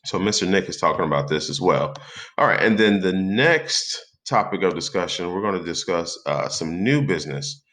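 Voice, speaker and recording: A man hosting a software tutorial, calmly talking through each step aloud as he types into a document. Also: low voice, moderate pace. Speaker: tutorial host. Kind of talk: screen-recorded software tutorial.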